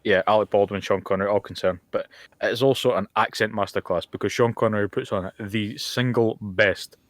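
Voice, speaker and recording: A man's voice: on the low side, steady tone, fairly quick, dry recording. A man co-hosting a casual podcast over an online call, making dry, opinionated remarks. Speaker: podcast co-host. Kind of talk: casual chat. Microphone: home mic over online call.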